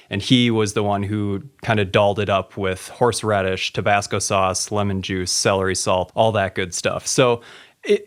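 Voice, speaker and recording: A man hosting a podcast, explaining a story with relish in a relaxed chat. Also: lowish voice. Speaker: podcast host.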